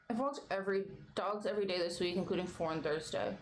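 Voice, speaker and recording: A woman's voice: fairly low pitch, fast talker, few pauses. A young adult woman streamer chatting casually and laughing often between stories. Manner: chatty, giggly, baby-talks her pets. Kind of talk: casual chat.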